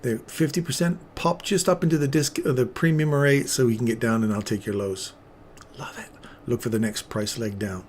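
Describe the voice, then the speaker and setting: A man's voice: mid-range voice, fairly even intonation, a little fast, a little mellow, slight background noise. A man hosting a live trading stream, chatting with viewers by name and commenting on the charts in a casual, upbeat way. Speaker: trading livestream host.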